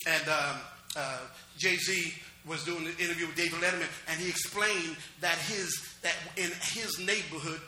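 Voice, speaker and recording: Middle-aged male pastor, chatty sermon style with call-outs; high, bright voice in a roomy hall. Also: fairly even intonation, moderate pace, few pauses, slight background noise. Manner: conversational preaching with call-outs to the congregation.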